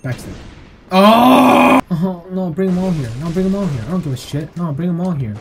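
A man giving profane, jumpy commentary while playing a video game, swinging between yelling outbursts and self-mocking jokes. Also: on the high side, fast, over music. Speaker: gameplay streamer. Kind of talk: live gameplay commentary.

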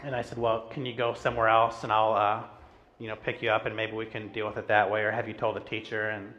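Bright-voiced man preaching conversationally. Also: lowish voice, level tone, fast, lo-fi sound. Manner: conversational, self-deprecating storytelling with frequent "like". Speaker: pastor. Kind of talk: sermon with personal stories. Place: church sanctuary.

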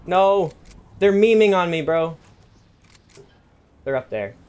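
A young man giving excitable live commentary over his own video game match, repeating himself under pressure. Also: sits high, slow, smooth. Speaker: gaming youtuber.

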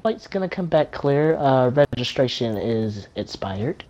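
A man's voice: medium pitch, very animated, a little slow, a little mellow, highs cut off. Man doing clipped dispatcher calls. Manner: clipped radio-style reports, laughs often. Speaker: dispatcher in a police role-play. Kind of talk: casual game role-play chat.

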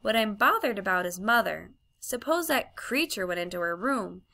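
Storybook schoolboy, earnest and pleading, bright and a bit gravelly; woman narrator doing the voice. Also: animated, moderate pace. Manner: earnest and pleading, rising to higher outbursts. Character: anxious, pleading young British schoolboy.

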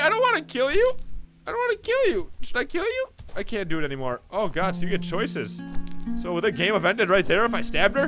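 A young man gives casual game commentary in a slightly high voice that swings widely in pitch. He reacts aloud and jokes as he plays. Music plays clearly beneath him. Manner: animated, reacting aloud and joking. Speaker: gaming video host. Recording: music playing underneath.

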